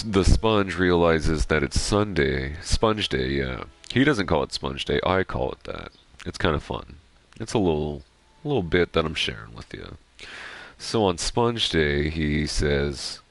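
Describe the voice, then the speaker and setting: Very deep, gravelly man rambling. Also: expressive, unhurried, fairly bright tone, no room sound. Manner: digressive, joking, profane. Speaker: gaming streamer. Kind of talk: rambling gameplay commentary.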